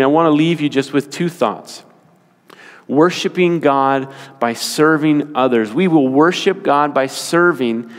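A man preaching a sermon in a church, slowing down and repeating key phrases for emphasis. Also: a little high. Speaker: pastor. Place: church sanctuary. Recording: long hall reverb.

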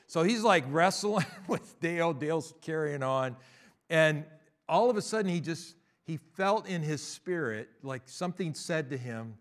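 A man preaching a sermon, telling stories in a hushed voice and then rising to loud, emphatic declarations. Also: on the high side. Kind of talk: sermon with storytelling.

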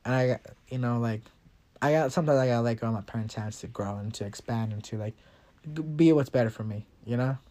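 A man's voice: mid-range voice, quick pace, warm tone. A young man hosting a casual podcast, joking and talking loosely with lots of fillers. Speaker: podcast host. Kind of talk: casual chat.

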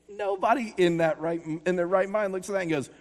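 High-voiced impassioned male preacher. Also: lively intonation, normal speed. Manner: impassioned, swings from loud building repetitions to quiet storytelling. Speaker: pastor. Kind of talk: sermon. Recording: long reverb of a large hall.

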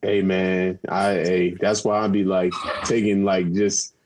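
A man's voice: low voice, level tone, measured pace, background noise. A man in a casual podcast chat, laid-back, chiming in with short agreements. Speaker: podcast co-host.

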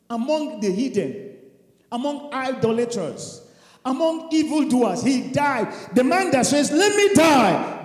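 A man preaching a fiery sermon, swinging from shouts to hushed tones. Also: high-pitched. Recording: echoey hall.

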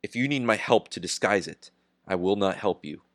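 A man reading the part of a defiant industrialist on trial, speaking gravely and firmly. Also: on the low side, lively intonation, dry recording, lightly acted. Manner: grave, measured and firm. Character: defiant steel industrialist on trial, calm and unyielding. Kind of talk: audiobook character reading.

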